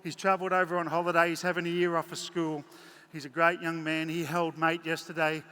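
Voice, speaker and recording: A man's voice: fairly high pitch, flat delivery, fairly quick, bright, forceful tone. A man giving a live horse-training demonstration in a large arena, chatting folksily and doing playful voices for his horses. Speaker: horse clinician. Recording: echoey arena with faint crowd noise.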